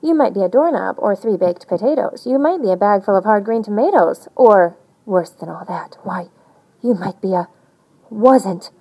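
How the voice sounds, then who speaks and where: A woman reading a rhyming picture book aloud in an animated, sing-song storytelling manner. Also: mid-range voice, normal speed, slightly rough, dull audio. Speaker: storybook reader.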